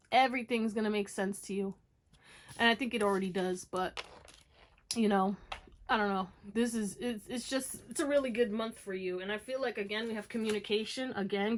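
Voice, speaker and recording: A woman's voice: medium pitch, slight background noise. A woman doing a casual, chatty tarot reading, talking straight to her viewers and swearing now and then. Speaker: tarot reader.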